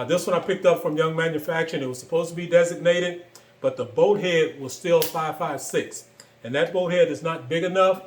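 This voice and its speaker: Rambling man in an echoey room. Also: a little high. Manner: relaxed, rambling, many fillers and pauses. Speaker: gun enthusiast showing his builds. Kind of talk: casual product walkthrough.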